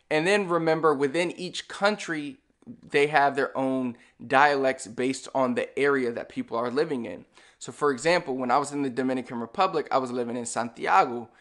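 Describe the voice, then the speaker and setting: Brief: Puerto Rican man, mid-pitched, casual teacher, slow repeated examples. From Puerto Rico. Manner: relaxed, repeats example words slowly with demonstration. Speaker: Spanish language teacher. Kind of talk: casual explanatory lesson.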